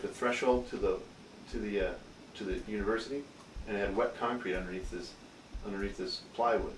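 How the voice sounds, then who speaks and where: A man recounts an old tour story in an animated, profane way, stacking up asides as he goes. His voice sits a little low, and he sounds set back from the mic in a reverberant room. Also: far from the mic, a little hiss or hum. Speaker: band member recalling a tour. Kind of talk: anecdotal storytelling.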